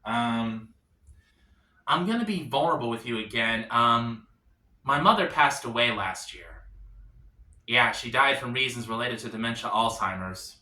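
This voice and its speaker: Bright-voiced man doing awkward stand-up. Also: medium pitch, animated, unhurried, long pauses, echoey room. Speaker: stand-up comedian. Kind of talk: stand-up comedy set.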